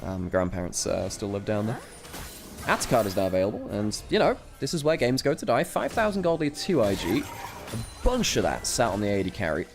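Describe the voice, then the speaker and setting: A man's voice: on the low side, fairly quick, soft background music. A man from Wales doing laid-back color commentary on an esports match, analytical and full of small hesitations. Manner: relaxed analytical, hesitant fillers. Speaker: esports caster.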